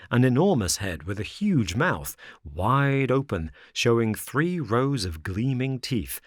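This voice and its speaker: A man narrating a children's classic as an audiobook in an expressive, measured storytelling manner. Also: mid-range voice, no echo, clean studio sound.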